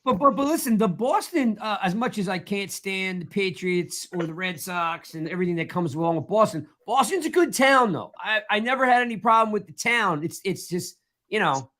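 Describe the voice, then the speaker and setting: A man with a high voice hosts a laid-back football podcast. He talks in a friendly, meandering way, often restarting his sentences. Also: animated, moderate pace, sharp tone. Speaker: podcast host. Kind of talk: casual sports podcast chat.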